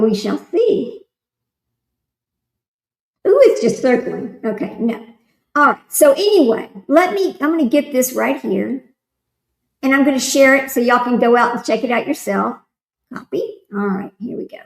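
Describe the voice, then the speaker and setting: Hosting a casual livestream, a woman reads aloud before drifting into loose chat with her viewers. Her voice is on the high side, darkish in tone, with vocal fry. The rough recording has an echoey room sound.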